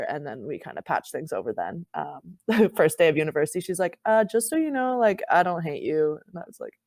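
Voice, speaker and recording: A young woman from Canada, a rugby player, telling stories in a casual chat, laughing often and filling pauses with "um" and "like.". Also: low-pitched, a little mellow, no echo, poor audio. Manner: laughs often, lots of fillers.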